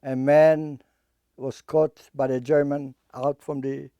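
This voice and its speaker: Older guy telling his story, grave and halting, repeats himself a lot, soft mellow voice, dry sound. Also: medium pitch, level tone, clean tone, no room sound. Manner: halting, repeats and restarts words, grave and emotional. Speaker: interviewee, artist. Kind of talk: personal testimony.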